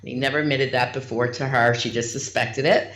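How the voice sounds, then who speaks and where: A middle-aged woman, a relationship coach as guest, telling client stories in a lively, animated way. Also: a bass voice, a little fast. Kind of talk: interview storytelling.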